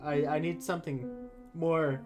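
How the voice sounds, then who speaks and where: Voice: medium pitch, steady tone, measured pace. Chatty streamer over guitar music. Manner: chatty, fumbling, self-deprecating. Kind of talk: casual game playthrough commentary. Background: guitar music from the game.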